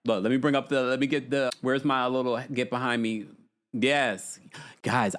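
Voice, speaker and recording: A man hosting a casual livestream recap, chatting and reading viewer messages aloud. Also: mid-range voice. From United States. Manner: chatty, reads viewer super chats aloud. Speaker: podcast host.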